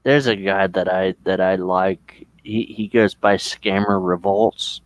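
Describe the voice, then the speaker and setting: Slow-talking American man, casual chat. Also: deep voice, fairly even intonation, dry recording. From United States. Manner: rambling, swears freely.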